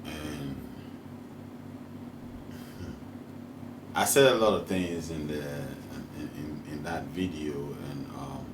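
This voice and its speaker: A man's voice: very deep voice, takes it slowly, long pauses, far from the mic, noisy background. Emphatic Ghanaian man preaching in an echoey room. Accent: Ghanaian English. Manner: repetitive and emphatic, rising to fervent. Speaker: spiritual teacher. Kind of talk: preaching monologue with storytelling. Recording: roomy echoey recording.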